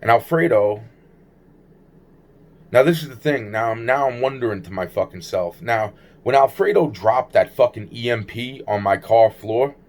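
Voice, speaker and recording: A vlogger tells a rambling personal story to camera, agitated and heavily profane, often restarting his sentences. His voice is medium-pitched and he speaks at normal speed.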